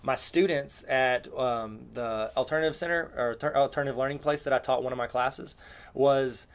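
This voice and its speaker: A man's voice: mid-range voice, normal speed. A man co-hosting a podcast in casual chat, joking and playing along with bits. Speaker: podcast co-host.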